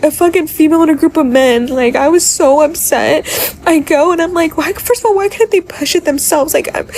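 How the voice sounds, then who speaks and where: Tearful high-voiced woman ranting. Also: darkish tone. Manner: tearful, upset, swears. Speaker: vlogger. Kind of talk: casual storytelling to camera.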